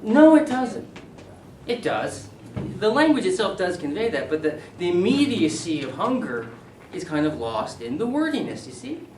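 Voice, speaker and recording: A middle-aged man, a university English professor, leading a classroom seminar, animated and quizzing his students. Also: high voice, normal speed, slight background noise. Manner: animated, asks the class questions and repeats their answers. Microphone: camera at a distance. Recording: echoey room, voice from far off.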